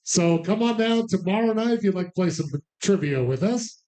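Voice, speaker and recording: High-voiced sarcastic male bingo host. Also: expressive, normal speed, a little mellow. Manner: sarcastic, joking, loose and profane. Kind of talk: casual live hosting with banter. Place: bar, live event.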